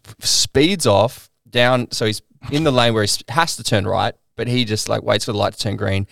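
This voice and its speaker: Gravelly Australian man telling a story. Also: fairly low pitch, moderate pace, dry recording, studio quality. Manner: animated anecdote-telling, mimics people he quotes. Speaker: podcast co-host. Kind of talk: casual storytelling chat.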